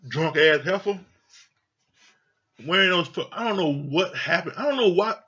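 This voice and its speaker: Venting to his viewers vlogger-style, a man tears into a reality TV show with blunt, profanity-laden commentary in a fairly high, bright, slightly rough voice. He's casual yet heated, expressive and forceful at a moderate pace, and the recording sounds dull and lo-fi.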